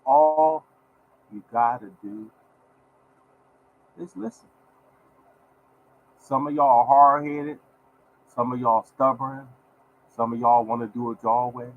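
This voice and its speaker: A man's voice: medium pitch, fairly even intonation, slow, pauses often, phone-quality sound, a little hiss or hum. Preachy male podcast host, scolding. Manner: preachy, repetitive, scolding the listeners. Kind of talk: casual podcast rant.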